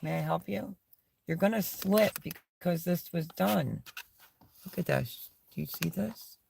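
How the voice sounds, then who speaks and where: Middle-aged woman, live-stream chat, rough creaky voice, slow drawl, talks to her dog. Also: lowish voice, darkish tone, a little hiss or hum. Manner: rambling, chats to her dog between thoughts. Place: small camping setup indoors.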